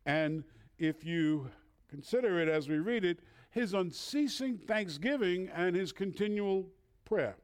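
A man with a northern accent preaching a sermon as a substitute pastor in a church, earnest and measured, with the odd filler. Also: high voice, animated, clear, resonant tone.

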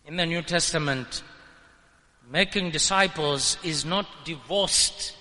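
Male preacher, bright high voice, deliberate and emphatic sermon delivery. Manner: emphatic, rising to shouts at peaks. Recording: long hall reverb.

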